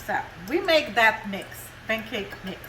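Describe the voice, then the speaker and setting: Fairly high-pitched with lively intonation, this Russian cooking show host keeps a measured pace while chatting through a kitchen demo at home. She explains every step in broken, Russian-accented English, and the echoey room adds background noise.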